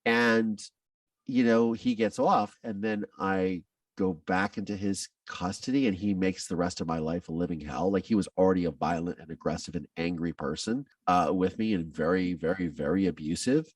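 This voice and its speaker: A man's voice: sits low, moderate pace, no echo, studio quality, recorded from a distance. A man who is a podcast guest tells his own story candidly, with intense, blunt talk and frequent swearing.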